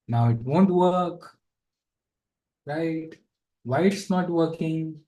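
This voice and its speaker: A man's voice: on the high side, very slow, long pauses, mellow, rough recording. A man giving a casual live coding lesson, thinking aloud with fillers and asides. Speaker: programming instructor.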